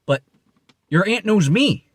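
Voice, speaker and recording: A man's voice: high voice, lively intonation, slow pace, breathy edge, no room sound, studio quality. A man giving an unscripted motivational monologue, blunt, boastful and profane, rambling and correcting himself as he goes. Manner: emphatic, rambling with self-corrections. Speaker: motivational speaker.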